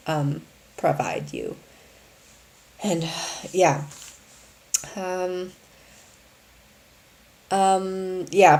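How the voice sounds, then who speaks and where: A woman's voice: sits low, creaky, a little mellow. A woman hosting a live Q&A, speaking earnestly to her viewers in a rambling way, full of "um" and "you know". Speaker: host of a live Q&A stream. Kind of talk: candid casual talk to viewers.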